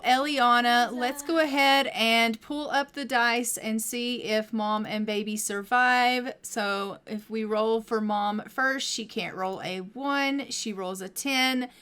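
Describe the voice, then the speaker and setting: Unhurried woman chatting through a game. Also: fairly high pitch, fairly bright tone. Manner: chatty, talks to her characters and voices their lines; frequent ums and drawn-out phrasing. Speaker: gameplay commentator. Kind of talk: casual game commentary.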